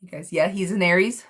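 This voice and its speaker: A woman with a lowish voice runs a casual live tarot reading for her viewers. She's blunt and excitable, tossing out pet names and swearing freely.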